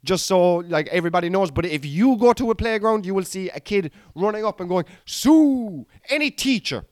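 An Irish man in his thirties, working through a comedy bit in a loose, rambling way, swearing freely and tripping over his own restarts. His voice sits a little high for a man. He sounds close and dry, with no room echo at all. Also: fairly even intonation, a little fast, darkish tone, clean tone. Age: 30s. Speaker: comedian podcast host. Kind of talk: casual comedic monologue.

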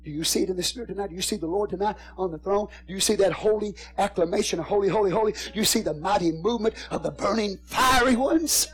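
A husky, fairly high-voiced pastor preaching to his congregation. He drops to near-whispers and then builds to shouted, rising peaks, repeating his phrases for emphasis. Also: fast, hardly any pauses. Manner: swings from hushed whispers to shouted crescendos. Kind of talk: sermon.

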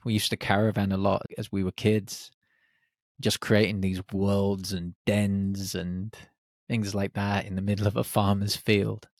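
A man hosting a reflective solo podcast, speaking in short, unhurried phrases. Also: lowish voice, little pitch movement, no echo, studio quality. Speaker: podcast host.

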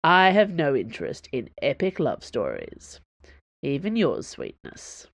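Woman doing a bitter, gruff drunken swordsman. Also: a bass voice, huge pitch swings, unhurried, no room sound, voice pushed down, heavily acted. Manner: curt, gruff, dismissive.

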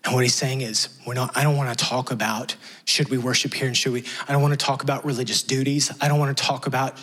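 A man's voice: medium pitch, flat delivery, fast, a bit bright. A man preaching a sermon, retelling a Bible story in a conversational way and dropping to a whisper for emphasis. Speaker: pastor.

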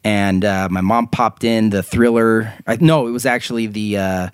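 A young adult man hosting a casual podcast chat, rambling and halting, with many fillers and quick laughs. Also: on the low side, smooth, no echo, clean studio sound. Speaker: podcast host.

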